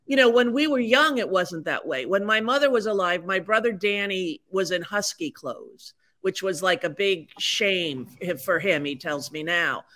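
A woman's voice: mid-range voice, expressive, normal speed, few pauses, fairly bright tone. A woman in her sixties, a podcast guest talking candidly and frankly, chatty and self-deprecating with lots of fillers. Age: 60s. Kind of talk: candid conversational storytelling.

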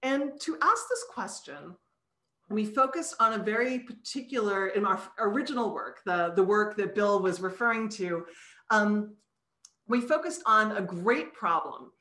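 A woman's voice: mid-range voice, animated, measured pace, sharp tone, echoey room. A woman, a psychology professor, giving a talk over a video call and explaining ideas patiently, sounding out syllables as examples. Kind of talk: recorded online lecture.

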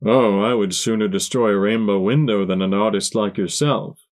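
A polite, measured pony villain in armor speaks softly and gallantly, as a man reads him. His voice sits low and unhurried. It is an audiobook read. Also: lightly acted. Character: calm, courtly male pegasus villain in armor.

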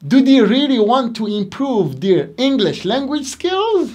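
Moroccan-accented teacher, very slow delivery, drawn-out repetitions, theatrical stress, lively swooping intonation. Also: medium pitch, slightly rough. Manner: repeats words slowly, theatrical emphasis. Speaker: English teacher. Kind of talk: English lesson for Arabic speakers.

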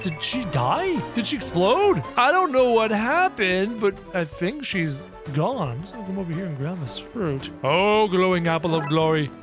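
A man doing excitable, jokey game commentary, yelping and shouting as he plays. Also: sits high, moderate pace, few pauses, music in the background. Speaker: gaming channel host. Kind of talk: game commentary, playing in character.

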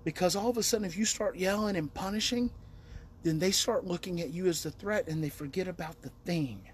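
A man's voice: high voice, fairly quick, a little hiss or hum. A middle-aged man, a parenting educator, talking casually and emphatically in a monologue, laughing often as he goes.

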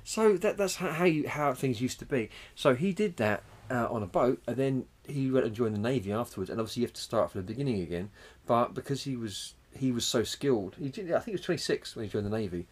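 A man's voice: mid-range voice, animated, fast, few pauses, husky. A man co-hosting a podcast, rambling through a story in casual chat and swearing freely. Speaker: podcast co-host.

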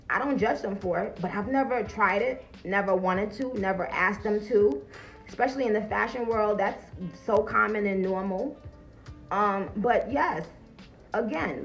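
Woman ranting on a live stream, cussing a lot, laughing, gets real loud sometimes, faint music behind. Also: medium pitch, creaky, muffled recording. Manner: profane, animated, laughing, shouting at peaks. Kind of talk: casual live-stream rant.

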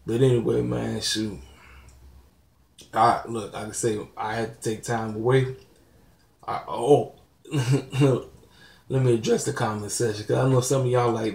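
A man's voice: mid-range voice, flat delivery, measured pace, vocal fry, long pauses, a little mellow. A young man, hosting his own channel and ranting bluntly and preachily to his viewers. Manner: blunt, preachy, laughing asides. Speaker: channel host. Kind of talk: casual vlog rant to viewers. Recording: roomy echo.

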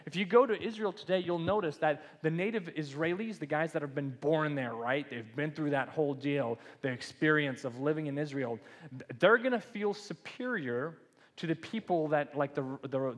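A man's voice: fairly high pitch, fairly bright tone. A man preaching a sermon as pastor in a loose, joking, conversational way. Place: church sanctuary. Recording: long church hall reverb.

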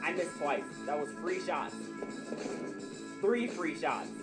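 A man doing excitable gameplay commentary, trash-talking his opponents. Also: on the high side, a little slow, over loud music. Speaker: gamer in played clip.

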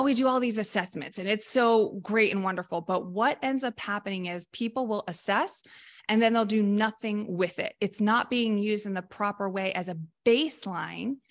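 A woman coach talks through her methods on a podcast with lively, emphatic energy. Her voice sits at a medium pitch, and she slips briefly into acted coaching lines to make her points. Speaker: mental performance coach.

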